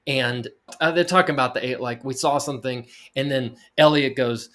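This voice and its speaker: A man's voice: medium pitch, normal speed, background noise. A middle-aged man co-hosting a movie review podcast, retelling scenes with energy and acting out the lines. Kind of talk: casual film discussion.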